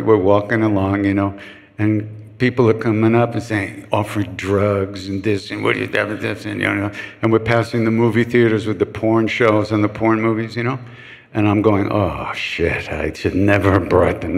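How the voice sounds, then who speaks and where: Older male storyteller, low and gravelly, casual and joking, in a hall with a long echo. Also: little pitch movement, normal speed. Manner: anecdotal, frank and joking, acts out quoted voices. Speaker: chant leader answering questions. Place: retreat hall with a live audience. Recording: long reverb of a large room.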